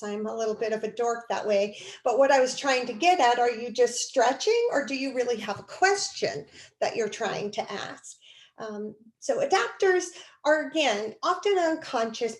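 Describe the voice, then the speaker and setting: A woman instructor gives a recorded video lecture, lively and expressive, acting out quoted speech as she explains. Her voice is a little high, and the audio is poor with a roomy sound.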